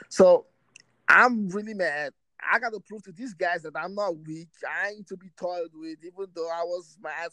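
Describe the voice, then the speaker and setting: Man, podcast host, casual story, animated, slangy, fairly high voice. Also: rough recording. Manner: animated, acts out quoted friends in a raised voice; profane, streetwise slang.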